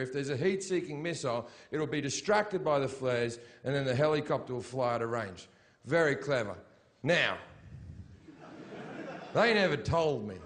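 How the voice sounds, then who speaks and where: A middle-aged man telling a crude war story as a stand-up comedian, breaking into shouted punchlines. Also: on the high side. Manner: crude, shouty punchlines with sudden yelled quotes. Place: comedy stage before a laughing audience.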